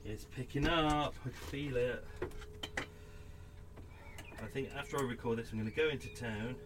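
A man's voice: medium pitch, moderate pace, heavy background noise. A middle-aged man hosting a podcast at home, tired and chatting in a rambling, self-correcting way. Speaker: podcast host. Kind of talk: casual chat. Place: at home indoors.

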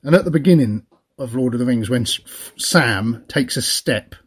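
A man's voice: mid-range voice, lively intonation, moderate pace, husky. A man co-hosting a podcast, talking in a chatty, rambling way and laughing often. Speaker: podcast co-host. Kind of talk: casual chat.

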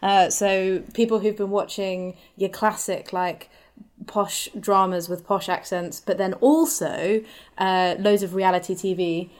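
A woman's voice: mid-range voice, fairly even intonation, unhurried. A woman guesting on a comedy panel podcast, chatting in a rambling way with lots of fillers. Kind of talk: casual comedic panel chat.

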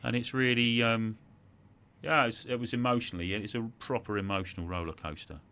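A man's voice: medium pitch, fairly even intonation, a little fast, bright, forceful tone, smooth. A middle-aged man, a podcast guest, telling an emotional story in conversation, reflective and repeating words when moved.

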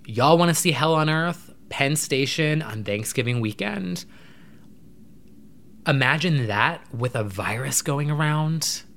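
A young adult man vlogging to camera, rambling in an animated, casual way with occasional swearing. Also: a little high, takes it slowly, gravelly, a little hiss or hum.

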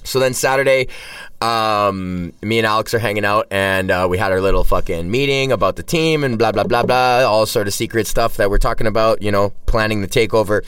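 Rambling with constant restarts and plenty of swearing, a stand-up comedian hosts a solo podcast in a low-ish, fairly bright, clean voice, talking a little fast. There is no room sound, but the cheap mic set back from him makes the audio distant and dry.

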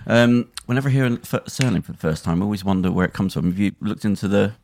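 A man's voice: lowish voice, fast, vocal fry, a little mellow, no room sound, clean studio sound. A man co-hosting a podcast in casual conversation, chatty and giggly, jumping between questions. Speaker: podcast co-host.

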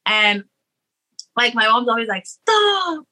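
A woman's voice: mid-range voice, expressive, a little slow, pushed and bright, rough recording. A young woman singer, a guest, chatting casually and hesitantly, with many restarts and fillers. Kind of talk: casual interview chat.

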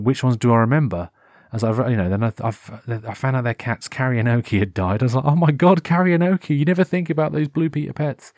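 Speaking in a mid-range voice, this British podcaster wanders through an unscripted solo monologue, frequently correcting himself. He gets lively when he slips into exaggerated character voices, and his wired headset mic gives studio-quality sound with no room noise.

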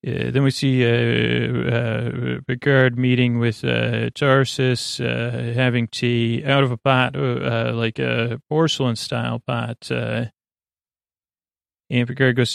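A man hosting a sleep podcast, retelling an episode in a meandering way full of drawn-out fillers. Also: medium pitch, little pitch movement, vocal fry, clear, resonant tone, no room sound, studio quality. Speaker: podcast host.

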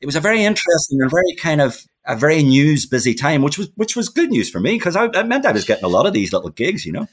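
A man's voice: a little high, sing-song, fast talker, few pauses, slight background noise. A man, a podcast guest telling stories of his radio voice work in a reflective, meandering way. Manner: reflective storyteller, frequent restarts and asides. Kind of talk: casual chat.

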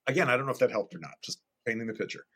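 Fast-talking, lively husky man. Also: medium pitch. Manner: animated, acts out dialogue. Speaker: animator and director guest. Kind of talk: casual storytelling.

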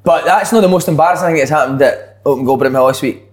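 A man's voice: fairly high pitch, fast talker, over a noisy crowd. A man with a Scottish accent hosting a casual podcast chat among friends, telling stories and swearing freely. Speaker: podcast host.

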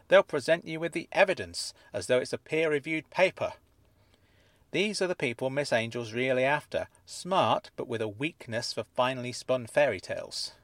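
A man reading aloud, voicing a sharp, dry-witted woman academic in a brisk, matter-of-fact way. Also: medium pitch, dry recording.

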